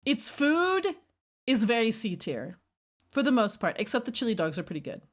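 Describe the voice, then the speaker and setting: A woman's voice: fairly high pitch, sing-song, normal speed. Chatty woman streamer rambling on about whatever, casual livestream talk. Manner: rambling, chatty, reacting to chat.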